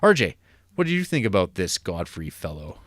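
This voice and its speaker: Laughing often, a man co-hosts a podcast and chats casually about a film. His low voice is very animated and a bit bright, at a moderate pace, in clean studio sound with no room tone.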